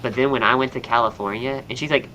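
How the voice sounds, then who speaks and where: A young man with a soft Southern American drawl talks like a podcast host, rambling cheerfully. His voice is bright and forward. Faint background noise sits under the recording. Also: mid-range voice, steady tone, quick pace, rough recording. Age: young adult. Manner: chatty, upbeat, rambling with fillers. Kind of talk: casual chat.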